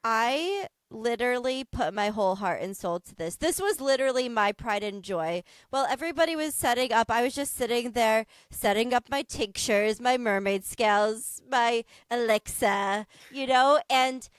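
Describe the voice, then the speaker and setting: A woman in her thirties co-hosting a podcast, telling stories in an animated, laughing way and swearing freely. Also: a little high, moderate pace, hardly any pauses, clean tone, dry recording. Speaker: podcast co-host. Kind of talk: casual chat.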